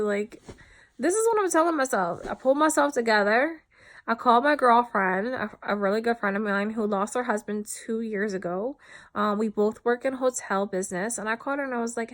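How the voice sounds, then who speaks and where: A woman's voice: fairly high pitch, brisk, fairly bright tone. A tired woman talking candidly in a personal vlog, reflective and full of fillers. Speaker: vlogger.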